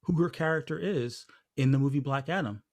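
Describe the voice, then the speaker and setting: A man's voice: mid-range voice, a little fast. A man hosting a podcast, rambling and laughing while running through the news. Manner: rambling, laughing, trying to keep on track. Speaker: podcast host. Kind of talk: casual chat.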